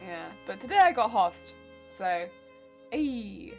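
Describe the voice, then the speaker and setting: A woman's voice: on the high side, very animated, slow pace, long pauses, faint music behind. Giggly woman with a weak, cracking voice. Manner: giggly, chatty, laughs often. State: weak voice that cracks on pitch changes. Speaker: craft streamer. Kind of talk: casual chat with live-stream chat. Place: home crafting stream setup.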